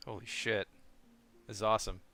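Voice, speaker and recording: A man playing a tabletop game, animated and quick to swear when excited. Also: on the low side, creaky. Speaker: player.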